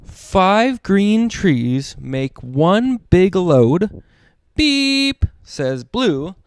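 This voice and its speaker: Man, dad reading kids' books, playful sing-song read-aloud, slow and lively, dry close sound. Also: high-pitched, no room sound. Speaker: children's book reader. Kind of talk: read-aloud storytelling for kids.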